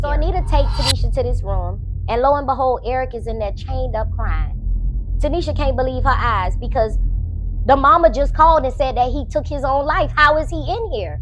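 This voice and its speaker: A woman casually recapping a novel, animated and profane, full of slang. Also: high voice, a little fast, a little hiss or hum. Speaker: book reviewer.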